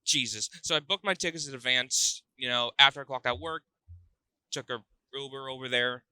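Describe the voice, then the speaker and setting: A man's voice: mid-range voice, normal speed, sharp tone, clean tone, dry recording. A young man from Missouri, a podcast guest telling a rambling story in casual chat, often restarting his sentences. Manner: rambling, self-interrupting storyteller.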